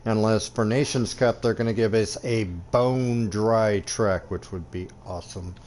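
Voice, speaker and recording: A man hosting a relaxed chat with fellow sim racers, easygoing and quick to laugh, on a headset mic. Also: lowish voice, a little hiss or hum.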